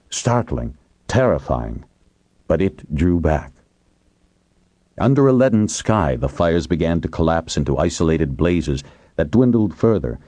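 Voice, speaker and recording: Deep, dark-voiced male audiobook narrator. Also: no echo.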